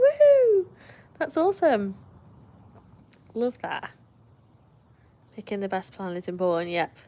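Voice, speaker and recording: A British woman hosting a livestream, chatting casually and reading out viewer comments with frequent laughs. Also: on the low side. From Britain. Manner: chatty, laughs often, friendly asides. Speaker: livestream host.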